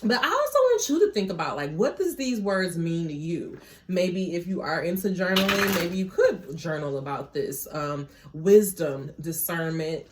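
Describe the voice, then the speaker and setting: Over a very noisy recording, a tarot reader with a fairly low voice chats through a casual spiritual reading on her phone. She is prayerful and often breaks into laughing asides.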